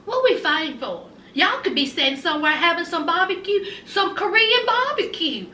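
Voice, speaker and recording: A woman's voice: very high voice, very animated, normal speed, bright, forceful tone, reverberant, distant mic, slight background noise. A woman vlogger giving a sassy, gossipy recap of a reality show, talking straight to her viewers.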